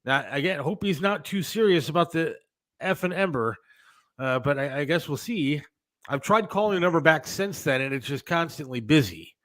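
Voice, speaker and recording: A man chatting on a talk show, his voice a touch higher than most. He tells stories in a loose, rambling way, full of "um" and restarts. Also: lively intonation, normal speed, fairly bright tone, low-quality recording. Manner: rambling, storytelling with many fillers and restarts. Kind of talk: casual radio-style chat.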